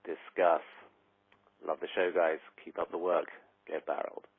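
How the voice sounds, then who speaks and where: A man's voice: low voice, flat delivery, moderate pace, husky, dry recording. A British man calling in to a podcast, talking in a dry, wry way over a phone line. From Britain. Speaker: caller. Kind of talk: voicemail read out on a podcast.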